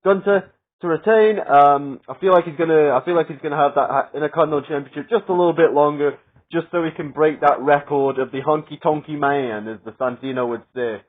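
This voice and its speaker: A man's voice: fairly high pitch, a little fast. Tinny-sounding man rambling through predictions. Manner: rambling, filler-heavy, chuckles at his own asides. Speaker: wrestling predictions vlogger. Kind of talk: casual solo predictions commentary.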